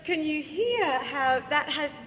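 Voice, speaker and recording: Australian woman choir coach, high voice, talks slow, sings bits to show, echoey hall with faint background hiss. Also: lively intonation, fairly bright tone, highs cut off. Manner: demonstrates by singing, explains voice technique. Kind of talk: singing workshop teaching. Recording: reverberant hall, faint room noise.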